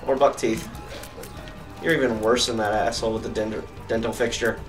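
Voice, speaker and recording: A young man giving let's play commentary, cursing at enemies and getting excitable. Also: lowish voice, normal speed. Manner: profane, excitable, yells at enemies. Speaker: gamer. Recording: distant mic with game music behind.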